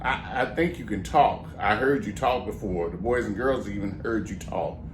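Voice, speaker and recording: A man's voice: fairly low pitch, moderate pace, echoey room, background noise. A man performing as a ventriloquist for children, coaxing and mock-exasperated with his parrot puppet. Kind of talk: children's comedy act.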